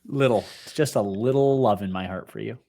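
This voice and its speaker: A man's voice: on the low side, fairly quick, warm tone. A man co-hosting a casual sports podcast, teasing his friends in a playful way. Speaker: podcast co-host.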